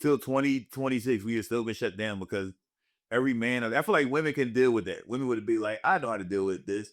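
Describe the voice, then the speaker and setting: A young man hosting a loose comedy podcast, his voice sitting mid-range. He tells stories in a profane, animated way and jumps into exaggerated voices for the people in them. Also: mid-range voice, fast talker. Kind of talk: casual storytelling chat.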